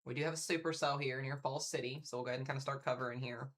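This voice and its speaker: This fast-talking man hosts a home livestream tracking severe weather, his mid-range voice bright and forceful. Chatty and enthusiastic, he offers casual commentary aimed right at his viewers.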